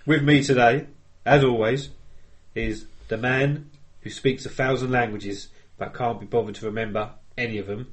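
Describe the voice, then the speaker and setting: A man's voice: medium pitch, fairly even intonation, moderate pace. Essex man hosting a chatty podcast. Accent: Essex English. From England. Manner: teasing, introduces guests with jokes. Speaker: podcast host. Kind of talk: casual podcast intro banter.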